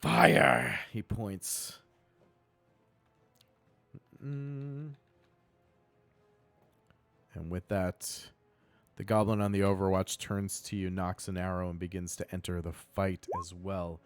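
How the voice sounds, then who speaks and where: Man, dungeon master, low voice, vivid scene narration, quick rules asides, dry recording. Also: flat delivery, a little mellow, clear, resonant tone, dry recording, faint music behind. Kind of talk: narrating a live tabletop game.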